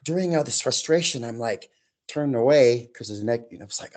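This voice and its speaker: A man telling his own eerie outdoor experiences to an interviewer, in an animated way that acts out the other people in the story. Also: mid-range voice, brisk. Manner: animated, acts out quoted voices. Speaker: guest storyteller. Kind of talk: telling personal paranormal stories.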